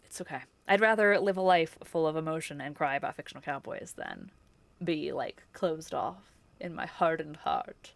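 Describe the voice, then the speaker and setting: A woman streamer with a slightly low voice talks loosely to her audience, gushing and rambling with plenty of ums and laughs. Her voice sits close and dry on the mic, with no room sound around it. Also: measured pace, vocal fry, a bit bright, no room sound. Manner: chatty and effusive, with filler words and frequent laughs. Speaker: livestreamer. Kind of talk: casual chat with viewers.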